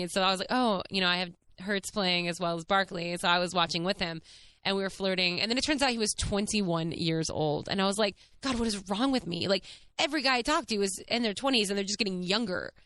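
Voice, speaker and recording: A woman in her thirties hosting a podcast, telling a story in a chatty, animated way, laughing often and swearing casually. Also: medium pitch, fast talker, smooth. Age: 30s. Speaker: podcast host.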